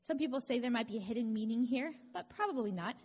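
A woman with a slightly high, breathy voice preaches a sermon. She keeps it conversational and earnest and drops in small wry asides. Her voice carries a long reverb, as in a large hall. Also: expressive, fast talker, a little mellow.

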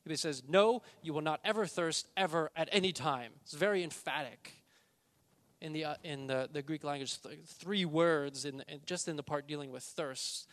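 A man preaching a sermon, emphatic, slowing down and stressing key words. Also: fairly high pitch. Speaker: pastor.

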